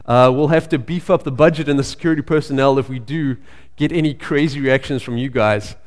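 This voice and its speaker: A male pastor preaching a sermon in a conversational storytelling way, pausing with frequent fillers. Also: medium pitch. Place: church sanctuary. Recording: long reverb of a church hall.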